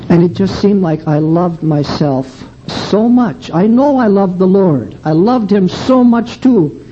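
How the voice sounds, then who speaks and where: An older man giving an earnest, emotional sermon testimony, telling a story slowly. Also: high voice, dark tone. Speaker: preacher. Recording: dull lo-fi recording with faint background noise.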